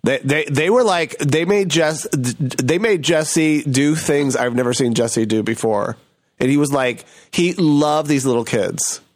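A campy man hosting a podcast, full of animated stories and playful put-on voices. His voice sits a bit high, and the recording is close and dry, with no room sound. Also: unhurried, dry recording. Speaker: podcast host. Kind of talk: casual chat.

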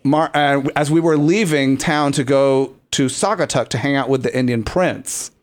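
A man's voice: mid-range voice, normal speed. A man co-hosting a podcast in campy, playful casual chat, laughing often. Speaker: podcast co-host.

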